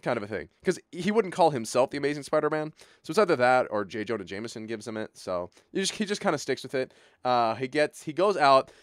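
A young man chatting casually as a podcast co-host, animated and full of filler words, acting out bits of dialogue. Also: medium pitch, fast, no echo, studio quality. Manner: animated, lots of filler words, acts out lines. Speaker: podcast co-host recapping a movie. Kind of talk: casual chat.

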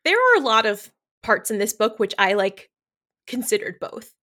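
A woman's voice: medium pitch, very animated, moderate pace, sharp tone. A woman co-hosting a podcast, chatting casually about a romance book in a gushing, giggly way. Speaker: podcast co-host. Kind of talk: casual book discussion chat.

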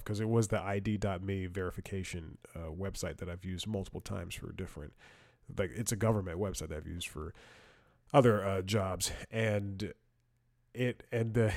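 A man with a slightly low voice hosts a casual comedic podcast. He rambles and restarts his sentences, chuckling at his own story, all recorded on a close, dry mic with no room sound. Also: a little mellow, no room sound. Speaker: podcast host.

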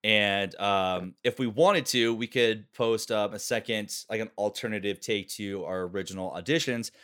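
A man's voice: lowish voice, normal speed, smooth. A man, a voice actor, telling stories in a casual call chat, laughing often and slipping into character voices. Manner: animated, laughing storyteller who drops into character voices. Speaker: voice actor and co-host. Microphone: home call microphone.

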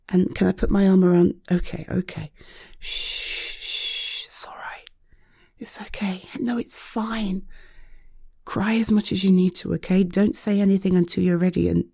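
A young woman in a one-sided audio role-play as a caring partner, gentle and soothing with hesitant pauses, close to the mic. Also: mid-range voice, slightly rough, no echo.

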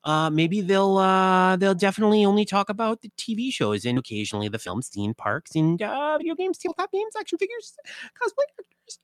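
A woman voicing a gossipy, easily confused middle-aged aunt in a high, shrill put-on voice, rambling as she talks. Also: sing-song, a little fast, no echo, clean studio sound, natural voice.

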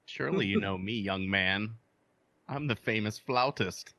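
Man playing a smug flautist, low and forceful, tabletop game. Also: unhurried. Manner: smug, self-important. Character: vain famous male flautist.

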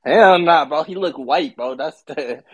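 A man's voice: fairly high pitch, measured pace, rough recording. A young man telling a long, profane story to friends in a casual, rambling way, stumbling over and repeating words. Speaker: podcast storyteller.

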